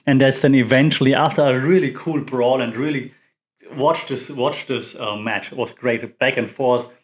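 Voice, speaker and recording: A man hosts a casual wrestling recap podcast in a mid-range voice. He talks in a loose, chatty ramble, full of fillers and quick restarts. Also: medium pitch, steady tone. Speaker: podcast host.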